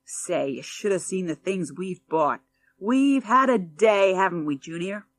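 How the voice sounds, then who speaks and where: A woman voicing a boastful middle-aged father with an American accent and a loud, chummy drawl, in a storybook reading. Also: fairly low pitch, lively intonation, measured pace.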